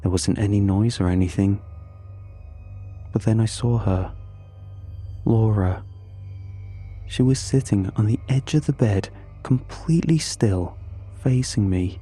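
A man tells a first-person horror story at a slow, careful crawl, his uneasy delivery stretched by long pauses. His voice is very dark and somewhat husky, sitting a little low, with faint music underneath. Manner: measured, uneasy, with drawn-out pauses. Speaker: narrator.

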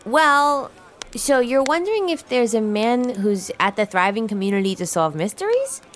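A woman voicing an elderly lady living in a retirement community, gentle and a little bewildered, in an improv comedy scene. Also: fairly high pitch, big pitch swings, moderate pace, a little hiss or hum. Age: older.

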